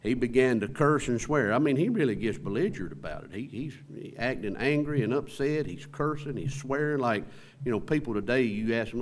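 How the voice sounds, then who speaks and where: A pastor with a Southern American accent preaching a sermon in a folksy way, asking the congregation questions. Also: male voice, medium pitch, lively intonation, fairly quick.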